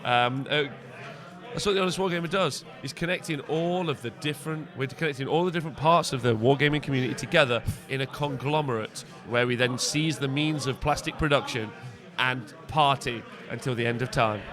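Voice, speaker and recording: A British man doing live commentary on a tabletop wargame, joking and giving shout-outs to viewers. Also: mid-range voice, a little fast, crowd noise. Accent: British English.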